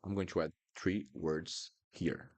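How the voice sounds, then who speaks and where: A man's voice: sits low, steady tone, slow pace. A man teaching pronunciation in a live lesson, repeating each word several times for students to copy. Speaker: Portuguese teacher. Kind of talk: live online language lesson.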